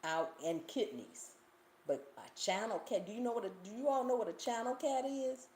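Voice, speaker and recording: A woman's voice: on the high side, expressive, normal speed, darkish tone. A woman hosting a live cooking channel Q&A, reading viewer questions and answering in a chatty, folksy way. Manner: chatty, folksy, reads viewer comments aloud. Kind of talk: live stream Q&A chat. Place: Pennsylvania home. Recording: echoey room with faint ambient noise.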